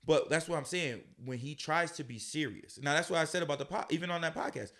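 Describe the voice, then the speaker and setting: A man's voice: a little high, fast talker, a bit bright. A man co-hosting a podcast in casual chat, opinionated and often restarting his sentences. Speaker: podcast co-host.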